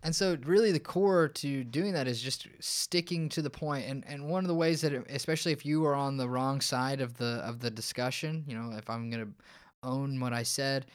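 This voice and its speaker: A man's voice: mid-range voice, moderate pace, few pauses, clear, resonant tone. A man, a counselor guest on a podcast interview, explaining and telling stories with frequent restarts. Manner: explanatory, storytelling, many restarts.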